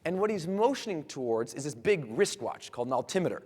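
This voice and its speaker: A man giving an animated storytelling talk to an audience on a stage, full of sound effects and shouted moments. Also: on the high side, fast, hardly any pauses, big-room sound. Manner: theatrical, shouts and sound effects, laughs while telling. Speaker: motivational speaker.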